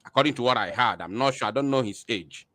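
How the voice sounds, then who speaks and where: A man's voice: mid-range voice, fast, fairly bright tone, dry recording. A man hosting online commentary, hesitant with many fillers and emphatic questions. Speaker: commentary host. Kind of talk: commentary on a video.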